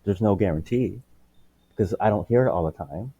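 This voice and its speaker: A man's voice: on the low side, expressive, fairly quick, dark tone, breathy edge, lo-fi sound. A man, a teacher and podcast guest, speaking in a blunt, matter-of-fact way in a casual interview.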